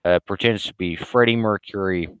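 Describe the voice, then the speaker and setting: A man rambling through a casual livestream Q&A in a dry, sarcastic tone. His voice sits low and sounds smooth and clear. It is recorded close and dry, with no room around it. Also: normal speed, a bit bright, dry recording, rough recording. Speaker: webcomic creator hosting a Q&A stream.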